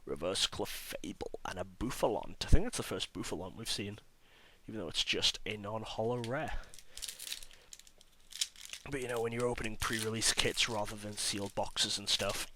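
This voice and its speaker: A man hosting a card pack-opening video, hoarse from illness, chatting and mocking his own voice as he lists each card. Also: lowish voice, normal speed, background noise. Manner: chatty, self-mocking, listing cards as he goes. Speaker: card-opening channel host. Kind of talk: casual pack-opening commentary.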